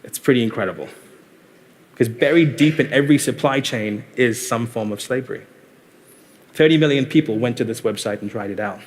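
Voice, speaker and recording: A man's voice: medium pitch, brisk, a little hiss or hum. A man giving an inspirational keynote talk on stage, telling stories in a conversational, upbeat way. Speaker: keynote speaker.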